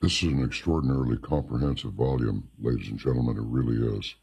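A man hosting a radio interview, measured and explanatory as he puts questions to a guest. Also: very deep voice, gravelly, a little mellow, breathy edge. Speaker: radio show host. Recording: dull lo-fi radio sound.

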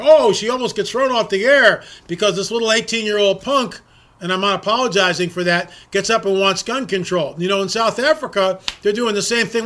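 Middle-aged guy ranting about politics, high voice, sharp and bright, lots of angry rhetorical questions. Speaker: political commentator. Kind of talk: opinion monologue.

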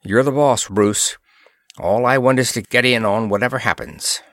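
An actor playing a placid, cautious chief navigator in a read-aloud pulp story, speaking earnestly. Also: male voice, medium pitch, normal speed, fairly bright tone, no echo, studio quality, natural voice.

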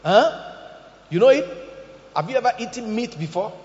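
Man, preacher, sermon, high voice, echoey hall, muffled sound. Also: fairly quick. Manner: animated storytelling, asks the congregation questions.

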